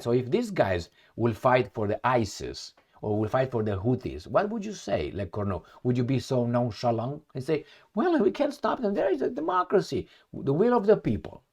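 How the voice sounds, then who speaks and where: Male political commentator, sarcastic and scornful, lively swinging pitch, reads news and mocks it with rhetorical questions. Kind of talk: opinionated monologue reading and reacting to news.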